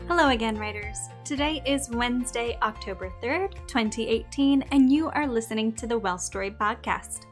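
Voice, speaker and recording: A young adult woman hosting a podcast, reading a scripted episode in an upbeat, clearly enunciated way. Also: a little high, moderate pace, hardly any pauses, soft background music. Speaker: podcast host.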